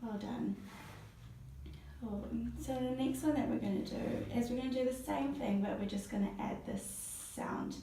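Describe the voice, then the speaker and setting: A woman's voice: fairly high pitch, moderate pace, gravelly, mellow, slight background noise. Encouraging woman guiding breathing exercises. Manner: encouraging, praises often. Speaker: voice therapist guiding a client. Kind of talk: step-by-step instruction. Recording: echoey room, mic at a distance.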